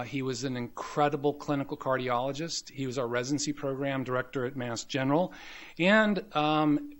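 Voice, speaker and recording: A man's voice: mid-range voice, fairly bright tone. A man in his fifties from the American South, giving a medical lecture told through personal stories with many ums. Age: 50s. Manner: anecdotal storyteller, frequent ums and you-knows. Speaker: grand rounds speaker. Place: lecture hall.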